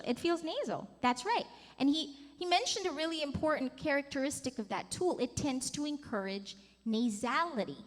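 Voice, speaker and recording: Lively woman vocal coach in a hall. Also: on the high side. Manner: animated, demonstrates vocal sounds and coaxes the group. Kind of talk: workshop teaching with sung demonstrations. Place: large conference hall. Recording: long hall reverb.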